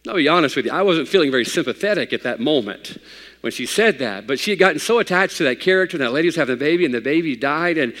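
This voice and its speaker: A man's voice: on the high side, animated, fast, fairly bright tone. A man preaching a sermon as pastor, moving between folksy storytelling and emphatic preaching. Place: church hall. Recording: long hall reverb.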